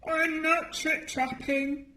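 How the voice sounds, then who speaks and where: A woman's voice: sits high, fairly even intonation, slow, pushed and bright, echoey room, voice pushed up, exaggerated voice. A woman reading a storybook aloud, voicing a timid male troll who stammers in a small, shaky voice.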